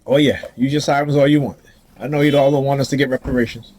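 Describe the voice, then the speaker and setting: A man's voice: mid-range voice, fairly even intonation, fast, a little mellow. A man ranting defiantly to the camera outdoors in a casual, confrontational vlog, laughing now and then. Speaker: vlogger.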